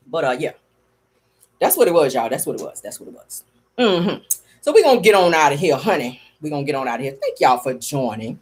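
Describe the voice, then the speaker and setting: Sassy lady streamer chatting w her viewers, lively up and down voice, calls everybody honey. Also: deep voice, fairly quick, husky. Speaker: livestream host. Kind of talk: casual comedic livestream chat.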